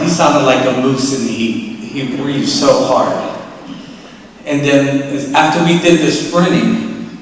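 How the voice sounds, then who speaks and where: A man giving an animated storytelling speech at an award ceremony, acting out the voices in his stories. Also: mid-range voice, a little hiss or hum. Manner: animated, acts out quoted voices. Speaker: award acceptance speaker. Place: large hall. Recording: echoey hall, mic from a distance, faint ambience.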